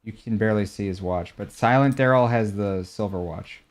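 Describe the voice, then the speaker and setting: A man's voice: fairly low pitch, moderate pace. A young man streaming a game, chatting casually and answering viewers' questions about gear and ranks. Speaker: gaming streamer. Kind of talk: casual chat while showing game skins.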